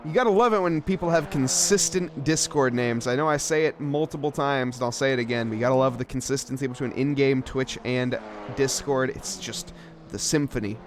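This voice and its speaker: A man's voice: medium pitch, brisk, slight background noise. A man giving live play-by-play for a sim racing stream, joking and bantering with chat between race updates.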